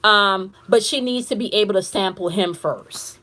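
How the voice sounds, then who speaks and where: A woman's voice: mid-range voice, normal speed, bright, forceful tone. A woman who works as an intuitive reader and coach tells a client story on a casual live stream. She talks bluntly, swears freely, and speaks straight to her viewers.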